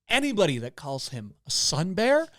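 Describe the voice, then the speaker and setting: Comedy podcast co-host, male, lively swooping delivery, slightly high, dry close mic. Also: a little slow, slight background noise. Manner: rambling animated storytelling, swings loud and soft.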